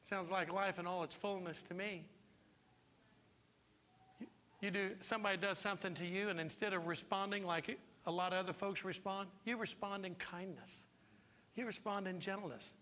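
Bright, high-voiced preaching man. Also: steady tone, normal speed, big-room sound. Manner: emphatic preaching with repeated rhetorical questions. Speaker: pastor. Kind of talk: sermon. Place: church sanctuary.

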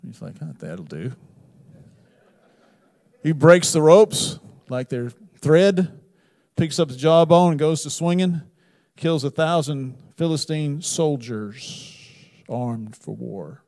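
A man preaching a sermon, retelling a Bible story with wry humor and big swings between loud emphasis and quiet asides. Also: a little high, takes it slowly. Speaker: pastor.

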